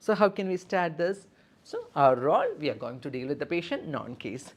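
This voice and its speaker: Low gravelly woman tutor. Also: very animated, fast. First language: Malayalam. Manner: encouraging, repeats and drills phrases. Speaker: nursing exam speaking tutor. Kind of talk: live online class.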